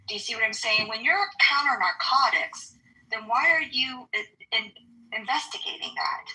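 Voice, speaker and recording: Brief: woman in an online debate, very bright voice, hesitant and questioning. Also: on the high side, poor audio. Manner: halting, restarts, questioning. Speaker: speaker in a debate. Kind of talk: casual debate.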